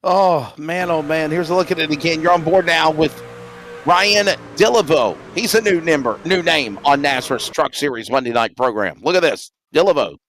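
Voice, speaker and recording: A man's voice: on the high side, normal speed, fairly bright tone, soft background music. A man doing color commentary on a sim truck race, full of jokes and laughing banter. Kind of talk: sim racing broadcast commentary.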